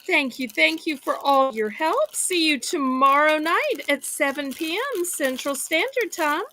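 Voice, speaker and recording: She hosts a live online auction at a measured pace, her high, expressive voice bright and forceful, with a little hiss or hum behind it. Chatting in a folksy selling style, she remarks that her voice is wearing out, and it is going.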